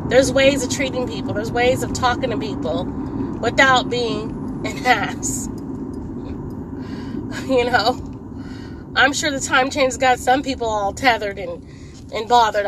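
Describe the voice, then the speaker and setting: High-voiced woman venting in a car. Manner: blunt, repetitive, emphatic, rambling. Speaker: podcast host. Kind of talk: candid venting monologue. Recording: road noise from a car.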